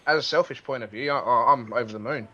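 A blunt man in a casual sports chat, his voice bright but muffled by a dull, lo-fi mic. He lays out his reasoning plainly. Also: mid-range voice, fast. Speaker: podcast co-host.

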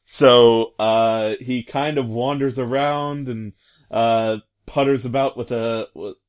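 A man's voice: medium pitch, fairly even intonation, slow, clean tone. A man casually retelling a video game scene, rambling and hesitant, full of fillers and amused asides. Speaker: commentator recounting a video game.

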